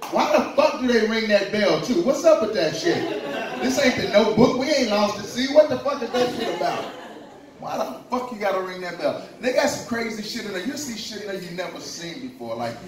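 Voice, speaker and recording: A man's voice: high-pitched, sing-song, a little fast. A man from Kentucky doing a loose, profane stand-up set in a comedy club. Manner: loose, profane storytelling with punchlines. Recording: very echoey club from far off, noisy. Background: club crowd laughing.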